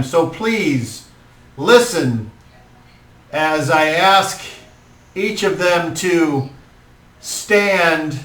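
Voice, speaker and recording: A man voicing a gracious noble lord hosting a feast, speaking formally with halting pauses. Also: fairly high pitch, a bit bright, pitched above the performer's own voice. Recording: roomy, distant mic, faint music.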